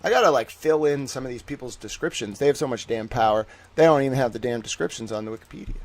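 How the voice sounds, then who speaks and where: A man streaming live, reading profiles aloud and ranting with excitable, profane mock outrage. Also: mid-range voice, fast talker, hardly any pauses. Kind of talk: live-stream commentary while reading online.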